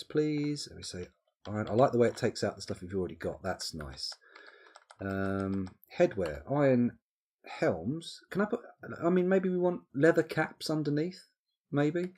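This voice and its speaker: A young man streams a game from home, talking half to himself as he works through menus and drifts into relaxed asides. His voice sits on the low side and has a breathy, husky grain, picked up close on a desk microphone. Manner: thinking aloud, muttering menu items, easygoing asides. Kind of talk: casual live-stream commentary while playing.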